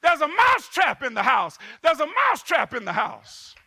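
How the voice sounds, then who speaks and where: A man's voice: extremely high pitch, wildly swooping pitch, moderate pace, gravelly, bright, forceful tone, no room sound, voice pushed up, full character voice. A man voicing a frantic little male mouse raising the alarm in a sermon story. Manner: urgent repeated alarm calls.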